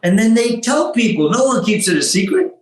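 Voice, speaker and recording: Older male exec guest, higher voice, animated storyteller who laughs at his own jokes; echoey room. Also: fairly quick. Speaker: guest, former tech executive. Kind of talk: storytelling interview, lively anecdotes.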